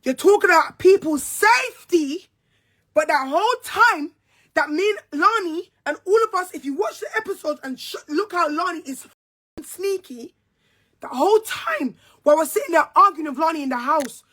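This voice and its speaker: Brief: young woman, high bright voice, angry confrontational rant, repeats herself. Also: animated, moderate pace. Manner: heated, repetitive, confrontational. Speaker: reality show cast member. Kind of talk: angry monologue to camera.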